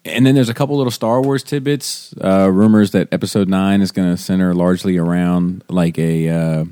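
A man's voice: sits low, steady tone, fairly quick, dark tone, no echo. A man co-hosting a casual podcast, laid-back and hesitant, bringing up news items. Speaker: podcast co-host.

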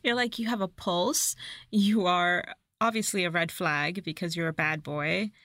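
A woman's voice: on the low side, steady tone, fairly bright tone, no echo, clean studio sound. Playful woman retelling a movie plot. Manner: playful storyteller, narrates plot with quick acted-out quotes. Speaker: podcast co-host. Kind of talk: casual movie recap chat.

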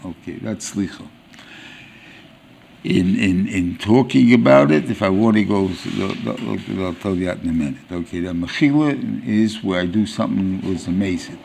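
Man, rabbi, very low voice, halting lecture, faint hiss behind. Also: gravelly, a little mellow. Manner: halting, searching for words, frequent restarts. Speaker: rabbi teaching a weekly Torah class. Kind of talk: informal spoken lecture.

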